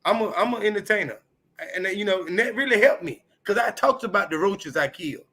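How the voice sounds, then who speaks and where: A man in his fifties from Chicago, speaking with a high, bright voice. He tells stories from his childhood in a lively, swearing, emphatic manner and keeps pressing each point hard. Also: a little fast. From Chicago, United States. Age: 50s. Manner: animated, profane, emphatic. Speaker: comedian guest. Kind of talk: candid storytelling.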